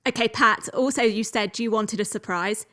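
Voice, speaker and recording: A woman interviewer putting quick-fire questions in a playful way and laughing often. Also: on the high side, sharp tone.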